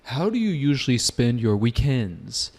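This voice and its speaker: A man's voice: mid-range voice, big pitch swings, a little slow, a little mellow. A man voicing a cheerful, polite speaking-test examiner who greets and asks simple questions. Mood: chirpy.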